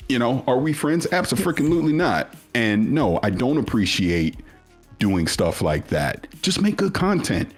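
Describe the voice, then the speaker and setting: A man telling a long personal story in casual chat, animated, acting out what others said. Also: normal speed, slightly rough, soft background music. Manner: animated storyteller, acts out quoted voices at much higher pitch. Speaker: podcast guest.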